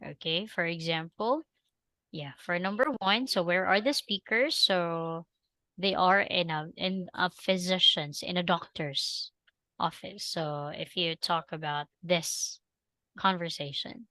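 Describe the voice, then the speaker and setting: A woman teaches English over a video call, talking slowly and patiently through each step. Her voice sits a little low, and the sound is close and dry. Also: sharp tone, no echo. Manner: patient, explains step by step with many fillers. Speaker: English tutor. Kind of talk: online language lesson. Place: small noisy room.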